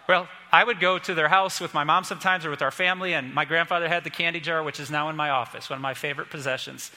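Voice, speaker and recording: A man's voice: on the high side, fairly even intonation, fast, sharp tone, big-room sound. A man from Indiana preaching a sermon as pastor, earnest and emphatic, repeating key phrases. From Indiana, USA. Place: church sanctuary.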